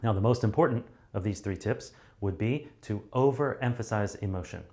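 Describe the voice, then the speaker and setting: A man's voice: fairly low pitch, moderate pace, a little mellow. A man teaching public speaking in a loose, conversational way, with many fillers and restarts. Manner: acts out sample deliveries to show each point. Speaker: communication coach.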